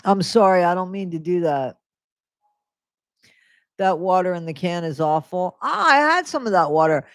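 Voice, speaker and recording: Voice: mid-range voice, expressive, moderate pace, dry recording. A live-stream host chatting casually on a new microphone at home, rambling between topics and reading viewer comments aloud. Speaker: livestream host.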